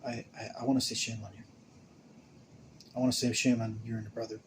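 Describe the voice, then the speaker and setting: A young man pours out a rambling, confessional monologue, stumbling over his words and starting sentences again and again. His voice sits in a middle range and slides between low mutters and sudden louder bursts. A faint hum of ambience runs under it. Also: little pitch movement. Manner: halting, stammering, many restarts and repeated words; emotional, confessional, swings between mumbling and loud bursts. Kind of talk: rambling personal monologue to camera.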